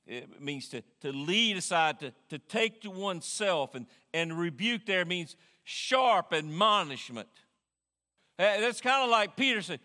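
Animated high-voiced male preacher. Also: unhurried. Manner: animated, repeats words while thinking. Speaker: pastor. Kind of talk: sermon. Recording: long hall reverb.

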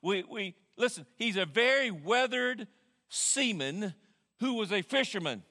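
A male pastor preaching a sermon in an animated way, often repeating words as he thinks. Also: high voice, unhurried. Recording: long hall reverb.

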